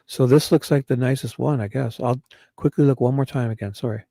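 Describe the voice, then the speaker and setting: A man hosting a casual livestream, soft-spoken and a little apologetic. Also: mid-range voice, steady tone, fairly quick, vocal fry, dry recording. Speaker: livestream host.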